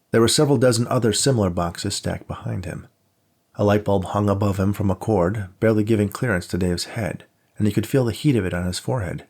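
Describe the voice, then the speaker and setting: A man reading his own novel aloud as audiobook narration, steady and measured. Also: fairly low pitch.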